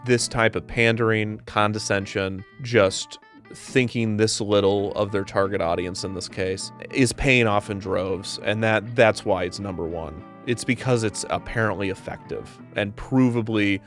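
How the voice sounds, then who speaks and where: Exasperated, sarcastic man ranting, low voice. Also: a little slow, faint music behind. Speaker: host of a commentary show. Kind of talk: comedic commentary rant.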